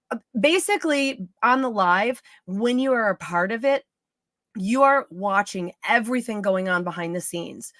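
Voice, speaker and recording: A woman's voice: mid-range voice, fairly bright tone, dry recording, studio quality. A middle-aged woman giving psychic readings on a live stream, chatty and playful, often drifting off topic. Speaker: psychic medium.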